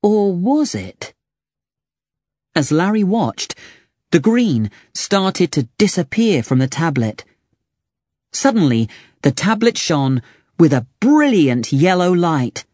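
In a mid-range voice with no room sound, a narrator reads a children's storybook aloud, delivering it slowly and expressively.

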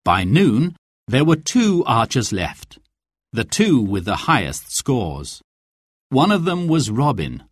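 A man reading a storybook aloud as narrator, with expressive, clear and careful delivery. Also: medium pitch, takes it slowly, no room sound, clean studio sound.

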